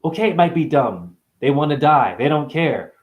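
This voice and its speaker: A man giving a rambling spiritual livestream monologue, profane and full of sudden jumps in pitch. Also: expressive, normal speed. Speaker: spiritual vlogger.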